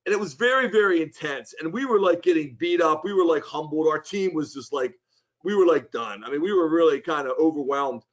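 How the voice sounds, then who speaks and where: Middle-aged man, animated storyteller, fairly high voice, voices quoted people. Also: fairly quick, muffled recording. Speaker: guest speaker. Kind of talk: storytelling in conversation.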